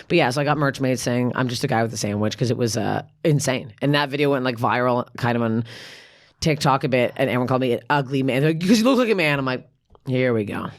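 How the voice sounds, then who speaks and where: A woman in her thirties, a comedian guesting on a podcast, tells a story in casual chat. She swears constantly and acts out each line with lively energy. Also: very deep voice, fast. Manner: profane, animated storytelling.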